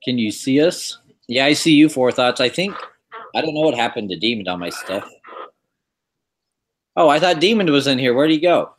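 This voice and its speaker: A man hosting a casual livestream, rambling in a relaxed way with lots of fillers as he shows off his kitchen. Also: mid-range voice, normal speed, pauses often. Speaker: livestream host. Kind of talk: casual chat, showing his kitchen pantry on stream.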